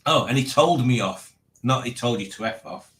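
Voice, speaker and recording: A man's voice: medium pitch, lively intonation, moderate pace, a bit bright. A man hosting a casual livestream, rambling and reading out viewer comments. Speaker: livestream host.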